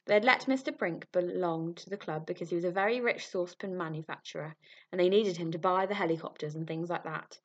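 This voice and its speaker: A woman reading a storybook aloud with lively expression. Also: on the low side, a little fast. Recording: muffled lo-fi recording.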